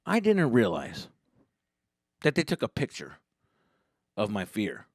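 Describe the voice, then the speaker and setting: A comedian spins a story in a lively, sing-song voice that leaps around in pitch and has a rough, gravelly edge. He swears freely and swings from loud outbursts to low mutters. The sound is close and dry. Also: normal speed, pauses often, dry recording. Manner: profane, animated, swings from loud bursts to mutters. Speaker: podcast host and comedian.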